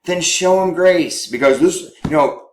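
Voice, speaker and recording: A man teaching as a marriage counselor, animated and chuckling, often acting out quoted lines. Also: on the high side, measured pace, slight background noise. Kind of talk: teaching talk to couples. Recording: roomy echo.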